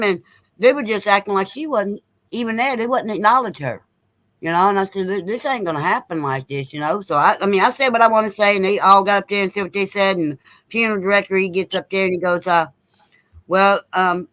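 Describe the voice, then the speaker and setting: A man's voice: high voice, sharp tone, dry recording, rough recording. A man telling a long story in casual chat, blunt and repeating himself as he goes. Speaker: co-host.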